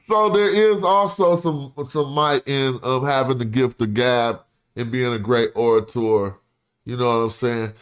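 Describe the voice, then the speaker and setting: A man's voice: medium pitch, measured pace. A man streaming, telling an old story in slangy casual talk and reading passages aloud, acting out the quotes. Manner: slangy, animated, acts out quotes in put-on voices.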